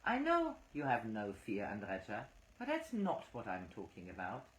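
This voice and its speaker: A woman's voice: extremely low pitch, huge pitch swings, normal speed, roomy sound, heavily acted, low-quality recording. A woman voicing an outspoken, emotional female psychic medium who talks heatedly and defensively.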